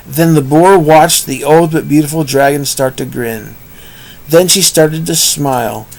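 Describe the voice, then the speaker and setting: A man's voice: fairly high pitch, unhurried, creaky, a little mellow, low-quality recording. A man improvising a rambling storybook tale, with puns and asides. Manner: rambling, punning, self-interrupting.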